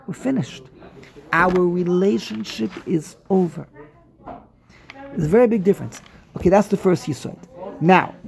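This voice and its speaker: Male Torah teacher, very gravelly voice, slightly high, animated and repetitive. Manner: animated, repetitive, acts out the dialogue. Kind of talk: explaining scripture commentary.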